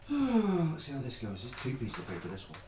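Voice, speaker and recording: A man recording rap lines on a live stream, swearing freely and bantering between takes. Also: medium pitch. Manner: swears freely, jumps between rapping and joking. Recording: roomy, distant mic, faint noise.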